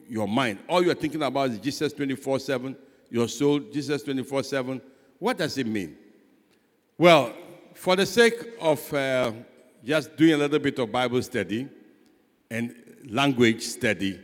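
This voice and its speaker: A man, a pastor preaching a sermon, swinging between loud and soft and asking rhetorical questions. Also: a little high. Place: church hall. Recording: long church hall reverb.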